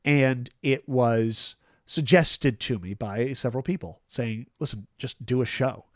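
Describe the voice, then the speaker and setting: A man nearing fifty chats loosely to his viewers, voice sitting at a middle pitch. He rambles, restarts his sentences and pokes fun at himself. The sound is dry and close, with no room around it. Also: unhurried, dry recording. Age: 40s. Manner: rambling, self-deprecating, many restarts and fillers. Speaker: host. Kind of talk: casual live-stream chat.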